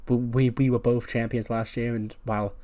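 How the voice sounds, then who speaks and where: A man's voice: medium pitch, flat delivery, normal speed, warm tone, lightly acted. A man voicing an earnest male wrestler giving his friend a pep talk. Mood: encouraging.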